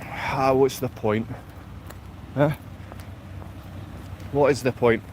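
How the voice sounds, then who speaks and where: A Scottish man with a Glaswegian accent, rambling to his viewers on a walk-and-talk vlog, chatty and quick to laugh. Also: mid-range voice, fairly even intonation, a little mellow. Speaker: vlogger. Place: outdoors on a town street with traffic. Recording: street traffic noise behind.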